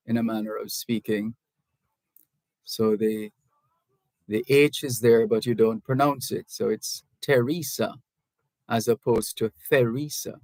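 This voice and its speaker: A middle-aged man with a Jamaican accent hosts a talk radio show from a studio microphone. He speaks very slowly and deliberately, with frequent restarts and hedging asides. The sound is dry and close. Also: medium pitch, a little mellow, no room sound, rough recording. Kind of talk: call-in radio talk, reading listener messages.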